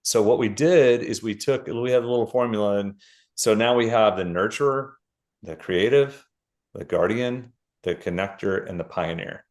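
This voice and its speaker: Middle-aged man, energetic guest explaining a framework, casual interview talk. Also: fairly low pitch, normal speed. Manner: energetic, explains with lists and examples. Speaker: guest author.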